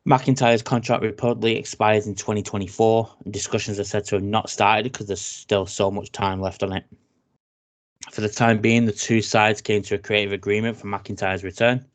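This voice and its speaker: English guy on a podcast reading out wrestling news, lowish voice, lots of uhs. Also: level tone, moderate pace. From England. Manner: reads news aloud with fillers and restarts. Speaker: podcast host.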